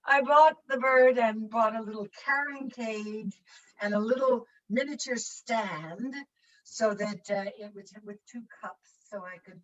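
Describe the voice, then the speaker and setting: An older woman tells a story with lively, playful energy and slips into little voices and sound effects as she goes. Her voice sits at an ordinary pitch for a woman. The audio is muffled and comes from a little way off the mic, like a video call. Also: distant mic. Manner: animated storyteller who acts out voices and sounds. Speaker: guest actress. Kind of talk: anecdote in a virtual conversation.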